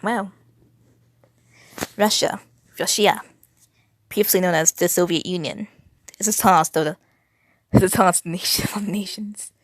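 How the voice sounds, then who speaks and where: A woman's voice: lowish voice, steady tone, a little fast, no echo. A young adult woman reading text aloud, often tripping over words and correcting herself, with exasperated asides. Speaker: video creator.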